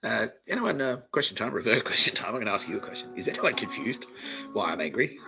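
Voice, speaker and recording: A man with a lowish voice rambles through a comedic podcast monologue, swearing freely and breaking into laughter between phrases. The recording is dull and lo-fi, with faint music underneath. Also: sing-song, fast, creaky, slightly rough. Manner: profane, rambling, often laughing mid-sentence. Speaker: podcast host.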